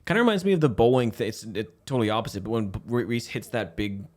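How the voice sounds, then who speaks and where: A man's voice: fairly low pitch, lively intonation, quick pace. A man co-hosting a casual rewatch podcast, joking, swearing and laughing a lot. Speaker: podcast co-host.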